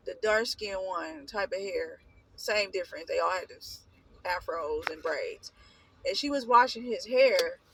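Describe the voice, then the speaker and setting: A woman's voice: a little high, a bit bright, no room sound, rough recording. A young woman from Oakland, California, telling her own story to the camera in a casual, emotional way, wandering off into asides. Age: young adult. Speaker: vlogger.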